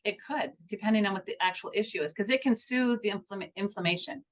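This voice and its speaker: This middle-aged woman speaks as a guest homeopath in a podcast interview. Her voice sits at an ordinary pitch. She tells stories earnestly and animatedly, often stopping to restart a phrase. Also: fast.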